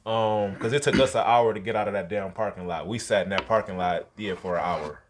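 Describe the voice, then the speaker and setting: A man's voice: lowish voice, a little fast, noisy background. A man, hosting a podcast and telling a story in casual, slangy, profane talk. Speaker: podcast host.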